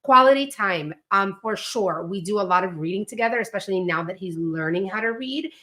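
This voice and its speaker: A woman's voice: mid-range voice, fairly quick. A woman co-hosting a podcast, chatting casually about her children and often acting out their voices. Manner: chatty, animated when quoting her kids. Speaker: podcast co-host, mother. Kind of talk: casual chat.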